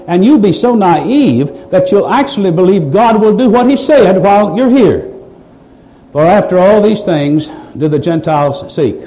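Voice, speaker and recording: A man's voice: on the high side, mellow, a little hiss or hum, poor audio. A man preaching a sermon, pressing his listeners with rhetorical questions and building to emphatic, raised passages. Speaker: pastor.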